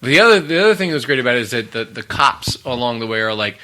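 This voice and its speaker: A man's voice: medium pitch, big pitch swings, fast talker, sharp tone. A man co-hosting a podcast in casual chat, telling a rambling story with frequent laughs. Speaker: podcast co-host.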